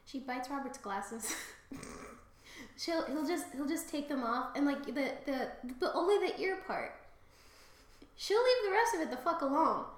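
A woman co-hosting a podcast in casual chat, excitable and sweary, loudly acting out quotes. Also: high-pitched, a little slow, reverberant. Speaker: podcast co-host. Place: home room.

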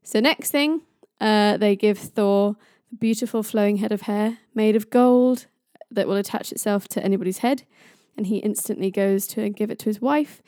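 A woman's voice: mid-range voice, normal speed, a little mellow, no echo, clean studio sound. A woman retelling a myth in a chatty, playful way, who jokes about stumbling over hard names. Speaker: storyteller. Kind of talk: casual myth storytelling.

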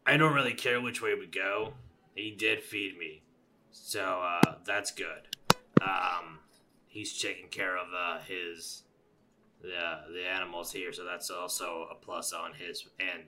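A man's voice: deep voice, steady tone, measured pace, very noisy. A man playing a tabletop game, chatting casually in a rambling, joking way. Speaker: player.

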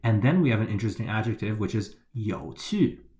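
A man's voice: on the low side, expressive, brisk, darkish tone. A man explaining Mandarin grammar to learners, patiently repeating the key points. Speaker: language teacher.

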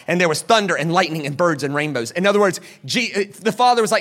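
A man with a high voice delivers a teaching sermon. His tone is bright and ringing, and he talks in an animated way, coaxing his listeners to repeat words back to him. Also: fairly quick, few pauses. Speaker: preacher. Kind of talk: sermon teaching with audience participation.

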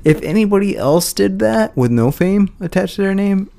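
A man's voice: sits high, expressive, moderate pace, gravelly, warm tone. A young man co-hosting a podcast, chatting casually in a rambling, self-deprecating way and laughing often. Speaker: podcast co-host. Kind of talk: casual chat.

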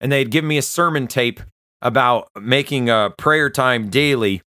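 A man earnestly telling his personal conversion story, halting often with fillers and restarts. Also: medium pitch, pushed and bright, no echo, studio quality. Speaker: testimony speaker.

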